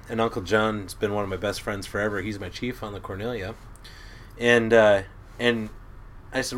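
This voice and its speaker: A middle-aged man with a bright, forceful voice spins lively fishing stories, voicing the people in them and laughing along. A faint hum of background sound sits under his voice. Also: lowish voice, moderate pace. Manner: animated storyteller who acts out quotes and laughs. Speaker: crab boat captain and guest. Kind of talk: casual storytelling chat.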